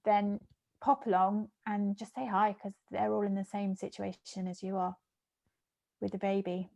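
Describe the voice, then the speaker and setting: A woman's voice: medium pitch, level tone, moderate pace, vocal fry, mellow. A woman on an online panel giving friendly, encouraging advice to new mothers. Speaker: panelist, breastfeeding supporter. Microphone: video call.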